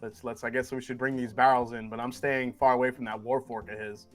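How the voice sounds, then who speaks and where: A man's voice: mid-range voice, little pitch movement, a little fast, soft background music. A man playing a tabletop game, joking casually and chatting in character. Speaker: player.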